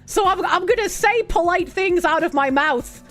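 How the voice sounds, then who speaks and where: A young woman with a Boston accent, streaming and chatting casually with her chat in an animated way, swearing often. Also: very high voice, moderate pace. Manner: animated, swearing, laughing, bursts into loud put-on yells. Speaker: streamer reading chat messages. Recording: faint music behind.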